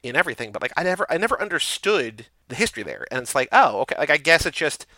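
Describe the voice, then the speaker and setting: A man co-hosting a casual movie review chat, rambling with lots of "like" and quick asides. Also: fairly high pitch, big pitch swings, bright, forceful tone, dry recording. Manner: fast, rambling, heavy use of "like". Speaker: podcast co-host.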